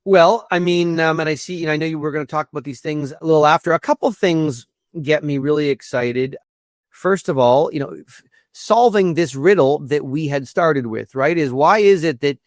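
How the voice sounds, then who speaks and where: Gravelly earnest man, higher voice. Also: dry recording, studio quality. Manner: earnest, repeats words while thinking. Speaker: guest, institute executive director. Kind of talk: conversational interview.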